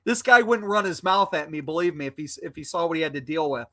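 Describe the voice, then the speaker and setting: A man's voice: a little high, lively intonation, quick pace, sharp tone. A man on a live video call, angrily insulting a troll in a heated argument, repeating himself. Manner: angry, insulting, repetitive. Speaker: guest on a live stream.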